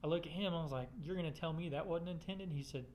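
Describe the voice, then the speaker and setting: A man's voice: fairly high pitch, fast, a little mellow, slight background noise. A man telling a rambling personal story in casual chat, swearing constantly.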